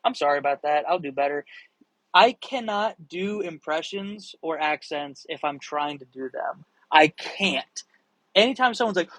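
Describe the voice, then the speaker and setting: A young man with a slightly high voice, chatting live to viewers in a rambling, excitable way, cursing as he goes. The sound is dry and close, with no room around it. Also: normal speed, no room sound, low-quality recording. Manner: rambling, excitable, swears freely. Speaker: livestream host answering viewer questions. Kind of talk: casual live chat.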